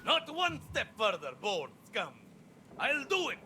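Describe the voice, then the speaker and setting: A man's voice: huge pitch swings, a little slow, sharp tone, slight background noise, exaggerated voice. A man voicing a paranoid, unhinged middle-aged male doctor in a video game, with an erratic put-on accent and a sneering manner. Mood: menacing. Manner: sneering, swinging between high shrill and deep growl.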